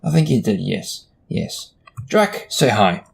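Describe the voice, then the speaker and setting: A man's voice: fairly low pitch, sing-song, slow pace, creaky, slightly rough. A man co-hosting a gaming podcast, chatty and teasing in loose banter. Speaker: podcast co-host. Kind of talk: casual chat.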